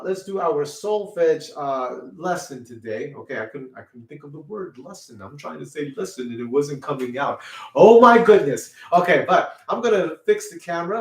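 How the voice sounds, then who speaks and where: A man with a high speaking voice teaches a children's music lesson, checking in with "okay?" at every step. He sounds a little away from the mic in an echoey room, with a piano heard now and then. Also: far from the mic. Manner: encouraging, repeats "okay?" often.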